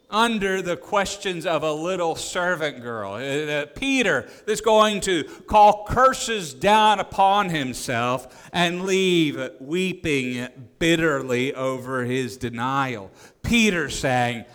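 A man delivers a sermon in a bright, slightly tense voice pitched a little high. He slips into quoted voices and stumbles into quick restarts. A long reverb trails his words around the hall. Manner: acts out quoted disciples with rising voice, frequent restarts. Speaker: pastor.

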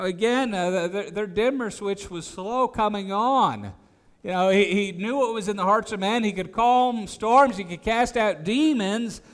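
Preacher in an echoing hall. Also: male voice, sits high. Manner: stammers on restarts, rises to emphatic declarations. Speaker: pastor. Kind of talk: expository sermon.

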